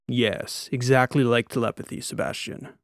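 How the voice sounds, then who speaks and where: A man reading an audiobook, playing a calm, precise ship artificial intelligence. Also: medium pitch, normal speed, no echo, clean studio sound, natural voice. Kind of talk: audiobook character voice.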